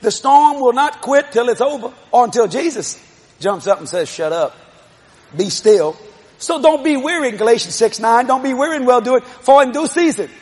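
A man preaching a televised sermon to a congregation, shouting and telling stories. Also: very high voice, lively intonation, fairly quick. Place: church service before a congregation. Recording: live congregation with loud laughter and noise.

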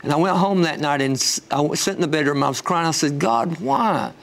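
A man guest telling an emotional testimony with fervent storytelling, rising high when excited. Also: fast.

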